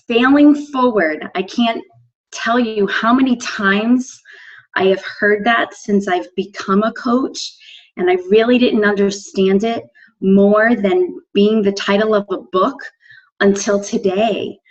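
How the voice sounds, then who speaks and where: A woman in her forties speaks slowly and earnestly as a team coach on a conference call. She sounds emotional and laughs now and then between thoughts. The call audio is dull and lo-fi. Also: mid-range voice, steady tone. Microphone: phone on a call.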